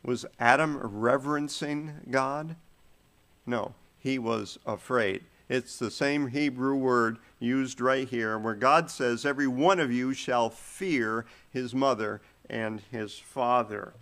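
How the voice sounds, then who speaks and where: A man's voice: medium pitch, slow, a bit bright. A man preaching a sermon, telling stories with shifting volume and pace.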